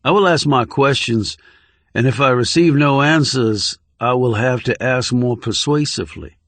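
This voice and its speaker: Man voicing a cold menacing interrogator, formal and condescending, mid-pitched, dry close sound, audiobook. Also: moderate pace, a bit bright, no echo, close to an everyday voice. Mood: threatening. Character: menacing middle-aged male interrogator, cold and sneering.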